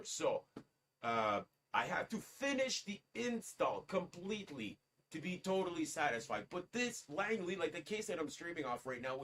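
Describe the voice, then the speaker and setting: A man's voice: a little high, a bit bright, distant mic. A man hosting a casual livestream, rambling and talking straight to his chat as "guys". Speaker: livestream host. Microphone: streaming setup.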